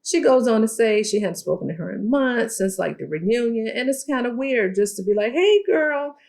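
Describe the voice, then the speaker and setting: Young woman, sassy and animated recap vlogger, slightly high voice, calls viewers child and y'all. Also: fairly quick, gravelly. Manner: sassy, animated storytelling with playful quoted voices; addresses listeners as child and y'all. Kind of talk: casual TV recap commentary.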